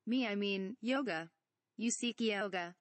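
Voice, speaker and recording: A woman's voice: mid-range voice, unhurried, no room sound, natural voice. A woman voicing a small, mischievous old male swamp creature who talks with his word order inverted, read from a parody script. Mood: teasing. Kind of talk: reading a fan parody script aloud.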